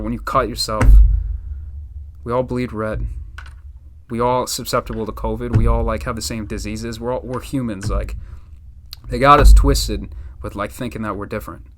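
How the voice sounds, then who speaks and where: A man's voice: mid-range voice, noisy background. Young male rapper, podcast guest, casual slangy rambler. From Natick, Massachusetts, US. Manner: loose, slangy, rambling with many "like"s. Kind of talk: casual chat.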